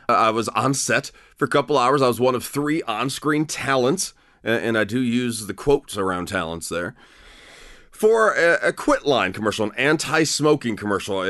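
A man's voice: mid-range voice, dry recording, studio quality. A man hosting a podcast, talking through a wrestling review in a casual, opinionated way with lots of restarts. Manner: animated, opinionated, frequent restarts and fillers. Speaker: podcast host.

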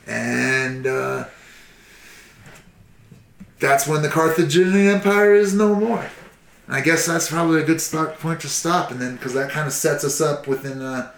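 A man's voice: a little high, a little slow, gravelly, pauses often. A man casually retelling history, swearing freely and acting out the people in it. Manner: profane, animated, acts out shouts and quotes. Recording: roomy echo.

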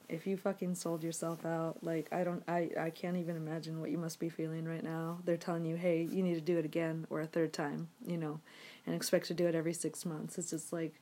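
Vlogging to her audience on a phone, a woman rambles in frustration, filling her talk with fillers and frequent swearing. Her voice sits low and sounds mellow.

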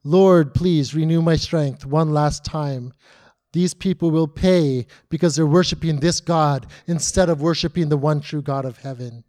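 A man's voice: on the high side, measured pace, darkish tone, dry recording, clean studio sound, lightly acted. A man voicing a broken, repentant male prisoner praying aloud to God in pleading words. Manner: pleading prayer.

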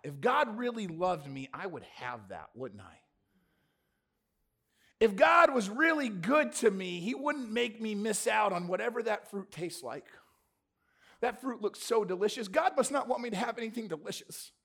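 A preacher playing a sly wheedling devil. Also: male voice, high-pitched, big pitch swings, moderate pace, vocal fry, fairly bright tone, slightly rough, exaggerated voice. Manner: wheedling, insinuating questions. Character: sly tempting male devil, smooth-talking.

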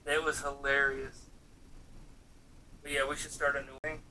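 A man's voice: medium pitch, little pitch movement, normal speed, pushed and bright, slight background noise. A man in his thirties telling loose, profane stories in a casual chat, acting out quotes and padding with fillers. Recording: voice picked up from some distance, faint room ambience.

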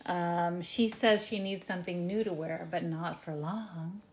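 A young woman co-hosting a casual recap podcast from her kitchen, chatting with wry jokes and quick asides. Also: lowish voice, fairly even intonation. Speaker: podcast co-host. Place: home kitchen while cooking.

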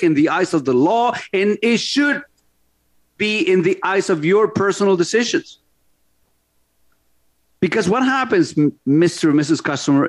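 Emphatic man hosting a talk show. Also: sits high. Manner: emphatic, drawn-out, repeats points. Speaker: show host.

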